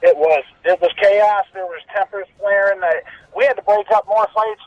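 A man's voice: high voice, steady tone, normal speed, dry recording, soft background music. A man calling in to a radio show, talking earnestly and conversationally over a phone line. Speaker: caller. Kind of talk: call-in radio chat.

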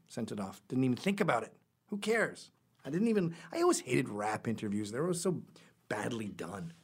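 A man's voice: medium pitch, sing-song, normal speed, husky. A middle-aged man who hosts a show, delivering a blunt, sarcastic and rambling monologue. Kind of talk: opinionated monologue.

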